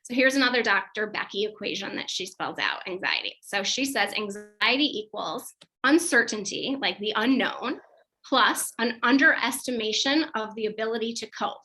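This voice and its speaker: A woman in her thirties leads a parenting workshop as a psychologist. Her voice is bright and clear. She talks chattily, full of "um" and "like," and often restarts her sentences. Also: a little high, expressive, normal speed, low-quality recording. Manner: chatty and conversational, with frequent fillers and self-corrections. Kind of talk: informal workshop presentation.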